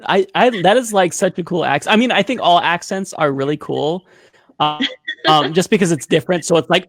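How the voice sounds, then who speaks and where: A man's voice: high-pitched, fairly quick, a bit bright, no room sound. A man appearing as a guest on a political talk show, chatting in a friendly, enthusiastic, slightly rambling way. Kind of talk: casual interview chat.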